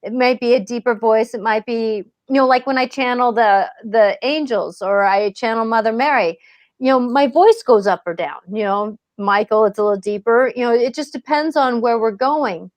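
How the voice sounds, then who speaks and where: Medium woman, higher voice, dry sound. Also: moderate pace, dry recording. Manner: earnest, gently reassuring, acts out quoted messages. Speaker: spiritual medium. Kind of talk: panel discussion.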